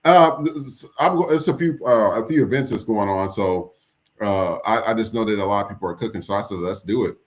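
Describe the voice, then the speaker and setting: A man's voice: lowish voice, a little fast. Laid-back man hosting a podcast. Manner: loose, chatty, with fillers. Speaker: podcast host.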